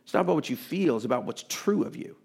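A man preaching a sermon, earnest and emphatic, chatting with asides and sometimes dropping to a soft, pleading voice. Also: mid-range voice, expressive, quick pace, gravelly, breathy edge. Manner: drops to a soft, intimate tone to plead. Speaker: pastor.

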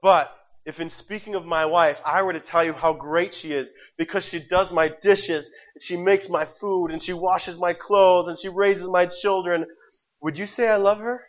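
A man's voice: high voice, fairly even intonation, moderate pace. A married man preaching a sermon with passion, repeating phrases and asking the congregation rhetorical questions. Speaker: pastor. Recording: dull lo-fi recording.

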